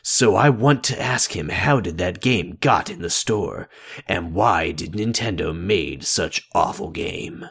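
A person co-reading a horror story as a comedy bit, wisecracking and yelping into high shouts. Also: expressive, unhurried, creaky, breathy edge. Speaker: co-reader.

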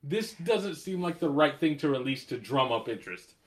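A man's voice: on the high side, expressive, normal speed. A man co-hosting a casual music chat, rambling with many fillers and some swearing. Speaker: podcast co-host.

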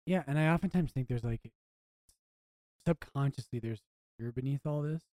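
A man's voice: medium pitch, normal speed, warm tone, no room sound. A man, a priest co-hosting a podcast, talking earnestly and reflectively, often restarting his phrases. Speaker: priest co-host.

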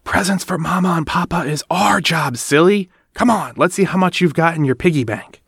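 A man's voice: on the high side, moderate pace, vocal fry, a bit bright, breathy edge, no room sound, studio quality, pitched above the performer's own voice, heavily acted. Storybook boy cub, a man doing the voice: confident, bossy, a bit raised. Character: know-it-all boy bear cub, big brother.

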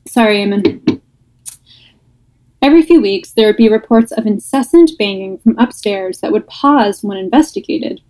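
A woman's voice: medium pitch, dark tone, low-quality recording. A woman podcast host reading listener ghost stories aloud, breaking off for laughing asides.

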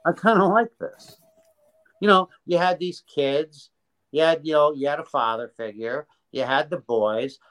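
Older man telling an animated story. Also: a little high, moderate pace, smooth, poor audio. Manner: animated, does voices, many restarts. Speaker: interview guest, illustrator. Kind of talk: casual storytelling.

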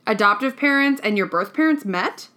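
A woman hosting a casual interview, eager and quick to exclaim. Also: a little high, lively intonation, bright, forceful tone. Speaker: host.

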